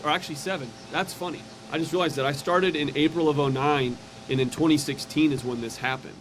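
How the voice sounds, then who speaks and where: A man's voice: a little high, fairly even intonation, a little fast, a little hiss or hum. A man speaking as a podcast guest, telling a personal faith story in an earnest, conversational way and acting out the voices of people in it.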